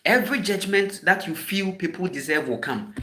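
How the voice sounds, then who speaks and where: A Ghanaian man giving an impassioned spoken address as a spiritual teacher, scolding and emphatic, hammering home points with repeated sharp rhetorical questions. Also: sits high, normal speed.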